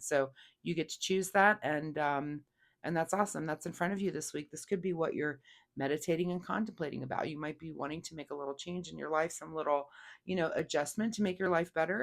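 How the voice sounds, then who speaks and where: A tarot reader giving a casual weekly reading, rambling and chatty, with many fillers. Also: mid-range voice.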